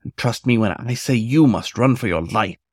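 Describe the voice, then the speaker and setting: A man voicing an older, tender and protective male lover in a storybook reading, speaking softly and soothingly. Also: mid-range voice, expressive, moderate pace, slightly rough, no echo, studio quality. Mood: urgent.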